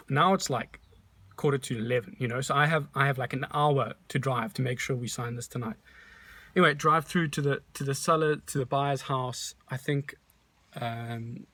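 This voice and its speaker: A man's voice: mid-range voice, moderate pace, dry recording. A man, a real estate agent, casually tells a story in a vlog, rambling and restarting as he talks. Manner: animated, rambling retelling with many restarts.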